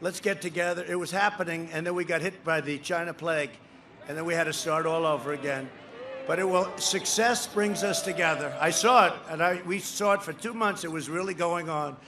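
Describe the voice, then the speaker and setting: A man speaking at a campaign rally into a podium microphone, rambling, boastful and often shouting. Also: fairly high pitch, brisk, noisy background. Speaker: politician addressing a rally. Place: large rally venue.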